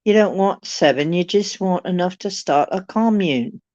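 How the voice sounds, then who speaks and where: A woman's voice: on the low side, animated, normal speed, a little mellow, dry recording, dull audio. A woman hosting a livestream, chatting casually with viewers in a rambling, joking, self-deprecating way. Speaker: livestream host.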